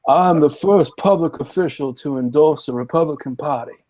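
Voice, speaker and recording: A man doing an impression of a genteel Southern male politician, with a soft drawl that drops its R's. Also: a little high, moderate pace, natural voice, low-quality recording. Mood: formal.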